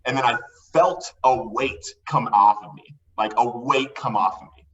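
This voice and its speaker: A man guest on a podcast, telling a personal story in an excitable way and acting out the voices he quotes. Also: medium pitch, moderate pace, distant mic, muffled recording. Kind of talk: animated storytelling.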